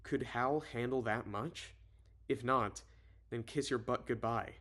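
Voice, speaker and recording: A man reads a novel aloud and chats about it between passages, his voice at an ordinary pitch. He rambles, fills pauses and stumbles over words, then corrects himself. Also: fairly bright tone. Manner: rambling, full of fillers and self-corrections. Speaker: reader and commentator. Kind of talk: casual read-aloud with commentary.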